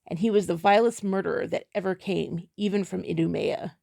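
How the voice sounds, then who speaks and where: A woman's voice: lowish voice, fairly even intonation, a little fast, vocal fry, warm tone. A woman reading the part of a scowling male servant who speaks curtly, in a harsh, snarling way. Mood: bitter, curt.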